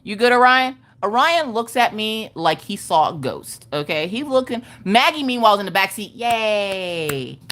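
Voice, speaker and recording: A woman in her thirties with a twang spins a story for her livestream chat. Her pitch swings up and down all the time, and she talks in a loud, emphatic way, often cursing. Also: moderate pace, hardly any pauses. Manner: animated, profane, emphatic storytelling. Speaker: craft livestream host.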